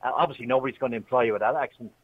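A man's voice: mid-range voice, very fast, over a noisy crowd. A man with an Irish accent calling in to a radio show, chatty and opinionated. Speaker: caller. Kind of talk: casual radio call-in chat. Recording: dull phone-line sound.

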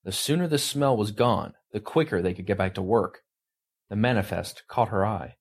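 A man giving a dramatic story reading with an expressive, animated delivery. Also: fairly low pitch, normal speed. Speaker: story reader.

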